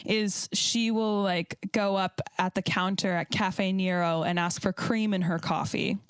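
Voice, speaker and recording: A woman's voice: medium pitch, fairly even intonation, clean tone, no echo. An American woman hosting a casual podcast chat, bubbly and giggly. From United States. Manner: bubbly, giggly, quick to agree. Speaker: podcast host.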